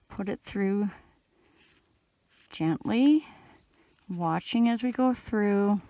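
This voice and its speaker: A middle-aged woman from Canada giving a relaxed, chatty step-by-step crochet tutorial while she works. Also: on the low side, creaky, no room sound. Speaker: crochet instructor.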